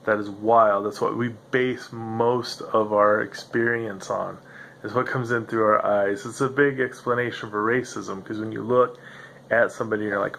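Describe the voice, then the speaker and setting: A man hosts a solo podcast, musing in a meandering way and interrupting himself as he rambles. His lowish voice is gravelly, slightly nasal and fairly bright, with fairly even intonation and a slightly slow pace, over a little hiss or hum.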